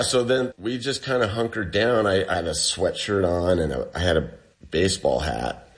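Deep-voiced man telling a story. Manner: casual storytelling, many fillers, speeds up and slows down. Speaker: guest. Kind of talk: recounting a personal ordeal.

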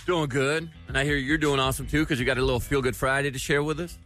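A man's voice: mid-range voice, fairly even intonation, quick pace, fairly bright tone. Upbeat male radio host, faint music behind. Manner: upbeat, curious, asks lots of questions. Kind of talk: casual chat.

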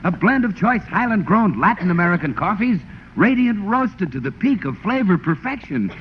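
A man's voice: high voice, very animated, moderate pace. A man playing the show's announcer in a 1940s radio comedy, brash, boastful and theatrical. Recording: hissy lo-fi old radio broadcast.

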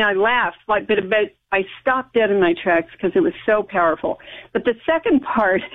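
An American woman, a guest, recounting a personal story in conversation, emphatic and rambling with frequent restarts. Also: mid-range voice. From United States. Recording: tinny phone-line audio.

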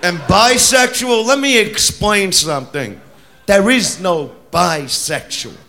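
A man doing a crude stand-up rant, loud and often shouting. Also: high voice, expressive, slow, gravelly. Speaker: stand-up comedian. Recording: live show with crowd and noise.

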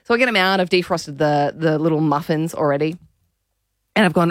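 A woman co-hosting a radio show, chatting casually and retelling stories with animated voices. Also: deep voice, brisk, no room sound, clean studio sound. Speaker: radio co-host. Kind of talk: casual breakfast radio banter.

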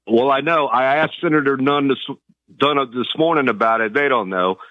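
A man's voice: mid-range voice, moderate pace, no room sound. A man from Virginia calling in to a talk radio show, friendly and chatty. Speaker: caller. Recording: tinny phone line.

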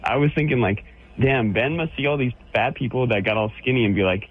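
Joking caller on a tinny phone line. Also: male voice, medium pitch, a little fast, breathy edge. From Orange County, California. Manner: ribbing, laughing, rambling. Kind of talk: joking call-in banter.

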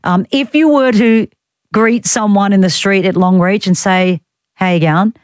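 Reading listener texts and teasing her audience in wry fashion, an Australian woman hosts casual talkback radio. She has a medium-pitched voice and a measured pace, recorded on a studio microphone without room sound.

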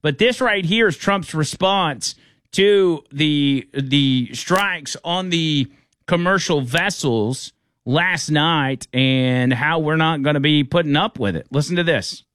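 A man's voice: on the high side, takes it slowly, fairly bright tone, no room sound, studio quality. A man hosting a casual radio talk show, rambling with frequent restarts.

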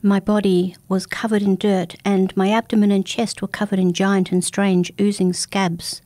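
A woman narrating a first-person folk tale in a calm, measured, intimate manner. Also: mid-range voice, dry recording. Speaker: storyteller.

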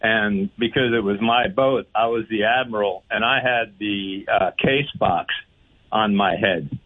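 A man's voice: on the low side, unhurried. A man calling into a radio show, telling a jokey story with many hesitations. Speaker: caller. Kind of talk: call-in anecdote. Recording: tinny phone line.

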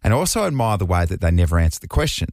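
A man's voice: deep voice, very animated, racing, a little mellow, dry recording, studio quality. A man co-hosting a breakfast radio show, chatting and joking with his co-host and reading out promos. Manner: chatty, joking, reads phone numbers and promos. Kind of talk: casual on-air banter. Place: radio studio. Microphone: studio microphone.

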